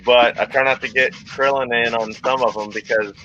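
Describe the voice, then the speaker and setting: A man's voice: medium pitch, steady tone, moderate pace, sharp tone, lo-fi sound, slight background noise. A man chatting casually on a reseller livestream, explaining himself earnestly and often repeating his words. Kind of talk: casual chat.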